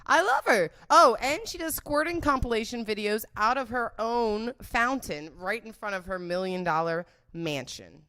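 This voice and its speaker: A woman's voice: on the high side, animated, normal speed, hardly any pauses, bright, forceful tone. Brash, crude woman podcast host. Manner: brash, crude, jokey, mimics voices in quotes. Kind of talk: unfiltered comedic sex talk.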